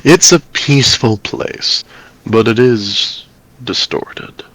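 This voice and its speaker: A polished, scheming man speaks slowly and with a sharp edge, played by a man in a fan reading. His voice is breathy and often drops into a near whisper. Every word comes out measured and controlled. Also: medium pitch, animated, no room sound, low-quality recording. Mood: explaining. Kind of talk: amateur story reading with roles.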